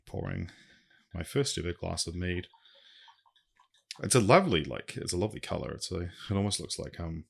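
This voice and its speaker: A man's voice: low voice, creaky. A man hosting a podcast alone, chatting casually in a rambling, swearing manner. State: briefly out of breath. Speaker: podcast host. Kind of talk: casual solo podcast chat.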